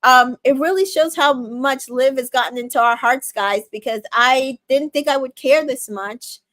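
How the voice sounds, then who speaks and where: A woman's voice: high-pitched, moderate pace, fairly bright tone, dry recording. A woman hosting a casual TV recap, chatty and emotionally invested, with lots of fillers and self-corrections. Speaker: recap show host.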